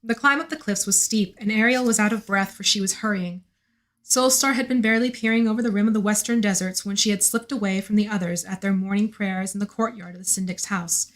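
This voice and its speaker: A woman with a slightly hoarse voice, reading a novel aloud on a live stream in an unhurried way, with chatty asides. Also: medium pitch, steady tone.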